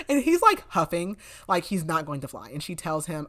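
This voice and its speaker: On a book-recap podcast, a young co-host talks fast in a low-sitting voice with lively intonation. She retells the novel's plot in a chatty, rambling way, full of fillers and lines quoted from the book.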